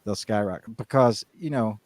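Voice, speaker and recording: A man's voice: fairly low pitch, normal speed, a little mellow, dry recording. A man co-hosting a podcast in casual chat, rambling with many restarts and fillers. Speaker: podcast co-host.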